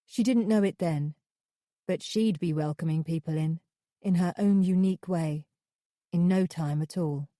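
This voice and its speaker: A woman narrating a thriller audiobook in a measured, steady reading voice. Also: on the low side, dry recording, studio quality.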